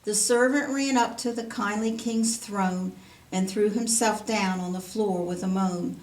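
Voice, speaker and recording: A woman's voice: mid-range voice, unhurried, darkish tone. A woman teaching Sunday school, reading a rhyming children's story aloud in a sing-song cadence. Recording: roomy, from a distance.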